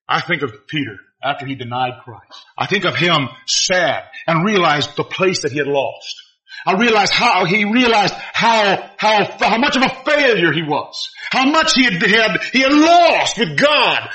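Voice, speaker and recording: A man preaching a sermon with fervor, swinging between shouted appeals and quiet, low passages. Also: sing-song, normal speed, poor audio. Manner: fervent preaching, rising to shouts and dropping to quiet.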